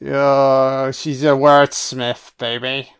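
A man's voice: mid-range voice, level tone, extremely slow, smooth. A man giving a casual, wisecracking film commentary on a first watch, swearing freely and talking back at the screen. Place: home recording, voice only.

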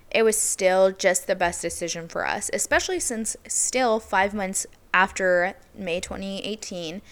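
Young woman host, candid and chatty, mid-pitched, casual confessional storytelling. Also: clear, resonant tone. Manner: candid, chatty, heavy use of "like". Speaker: podcast host.

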